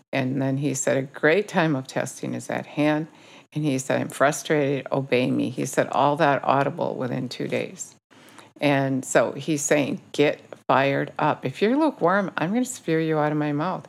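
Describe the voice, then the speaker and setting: A woman's voice: very deep voice, vocal fry. A woman giving an informal sermon, urging listeners with pointed rhetorical questions. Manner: urgent, exhorting, rhetorical questions. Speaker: preacher.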